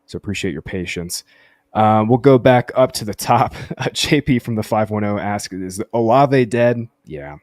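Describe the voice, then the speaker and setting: A man's voice: on the low side, lively intonation, moderate pace, no echo. A man hosting a casual sports podcast, reading out listener questions and answering them playfully. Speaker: podcast host. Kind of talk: casual live Q&A chat.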